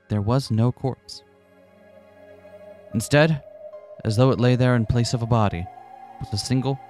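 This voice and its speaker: A man's voice: fairly low pitch, darkish tone. A man reading a visual novel aloud with friends, switching between narration and character voices, laughing between lines. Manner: reads narration then breaks into jokes and laughter. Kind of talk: casual dramatic read-through with character voices.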